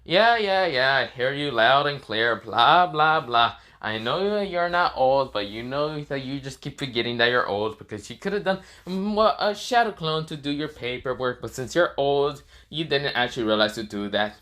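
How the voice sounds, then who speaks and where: A man doing a smug teenage ninja in a narrated anime what-if story. He teases and brushes people off casually, in a bright voice with a lively, bouncing pitch. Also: moderate pace, few pauses. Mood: teasing. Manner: teasing, offhand. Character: cocky teenage boy ninja, trolling.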